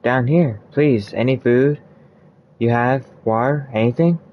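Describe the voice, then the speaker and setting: A man's voice: medium pitch, measured pace, highs cut off, natural voice. Man voicing a chatty talking head in mud. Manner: chatty, pleading, easily annoyed. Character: cheerful thirsty talking male head buried in mud.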